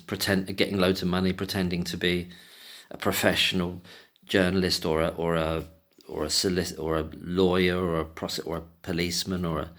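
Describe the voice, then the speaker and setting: A man in an angry solo rant, agitated and sweary, stumbling over restarted words in rapid outbursts. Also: low voice, a bit bright. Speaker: commentator.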